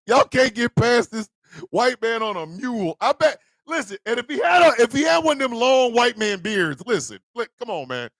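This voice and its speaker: A male host in a profane, loud comedic live-stream rant who laughs often. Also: very high-pitched, sing-song, normal speed, no room sound.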